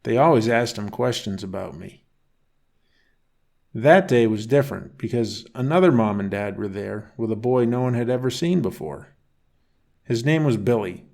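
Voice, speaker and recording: A man narrating a first-person bedtime story in a calm, unhurried reading voice. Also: mid-range voice, gravelly.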